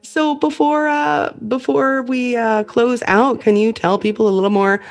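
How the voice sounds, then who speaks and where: A woman hosting a podcast, chatty and quick to laugh. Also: a little high, fairly even intonation. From Canada. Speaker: podcast host. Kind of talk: casual chat.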